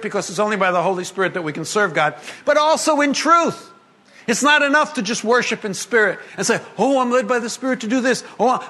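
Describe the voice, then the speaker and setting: A man preaching a sermon to a congregation, animated and humorous, moving between emphatic and hushed delivery. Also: extremely high pitch. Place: congregation gathering.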